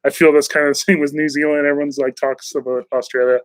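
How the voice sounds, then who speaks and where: A man with a slightly higher voice chats casually on a live stream, reading out viewer questions and answering them at length. He rambles, pauses on fillers and restarts his sentences. The sound is dry and close, with no room echo. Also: flat delivery. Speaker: host of a live chat.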